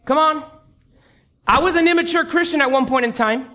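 A man preaching a sermon, telling a story with animated, acted-out quotes. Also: very high voice, moderate pace.

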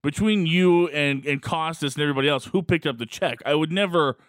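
Male radio host, slightly high pitch, dry studio sound, friendly banter. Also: brisk, fairly bright tone, dry recording. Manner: friendly, admiring banter with his guest. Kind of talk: casual radio chat.

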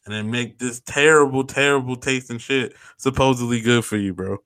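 Bright-voiced profane man chatting. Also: mid-range voice, clean tone. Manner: laid-back, profane, drawn-out slang. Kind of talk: casual chat.

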